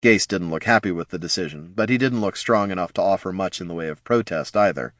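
A man narrating a fantasy audiobook in a steady, measured storytelling manner on a close studio mic. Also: deep voice, dry recording.

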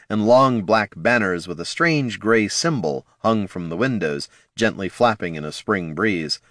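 A man narrating a fantasy story in a steady, expressive audiobook style. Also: low-pitched, dry recording, studio quality.

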